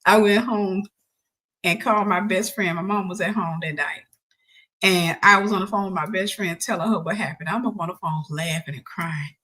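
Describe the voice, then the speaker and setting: A woman host telling a personal story in an animated way, laughing and acting out the voices of the people in it. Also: medium pitch, normal speed.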